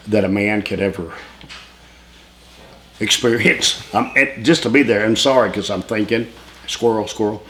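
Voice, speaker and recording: A man's voice: fairly low pitch, fairly bright tone, a little hiss or hum. A man telling wild stories in a casual interview, laughing often, swearing freely and jumping between tangents. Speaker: retired pro wrestler telling stories.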